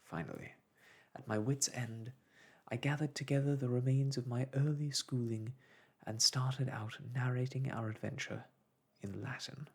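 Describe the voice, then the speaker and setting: A man reading a classic novel aloud in a soft, hushed ASMR storytelling style. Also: mid-range voice, steady tone, measured pace. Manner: hushed, breathy and gentle.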